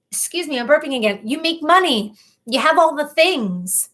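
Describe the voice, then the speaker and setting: A woman in her thirties hosts a casual livestream, reading viewers' comments aloud and speaking in a chatty, emotional, openly personal way. Her high voice is expressive and a bit bright, moving at a moderate pace.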